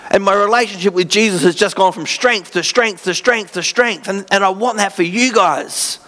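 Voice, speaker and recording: An Australian pastor delivers a sermon with a fairly high voice. His preaching is earnest yet conversational, and he mixes in self-deprecating asides. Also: normal speed, sharp tone.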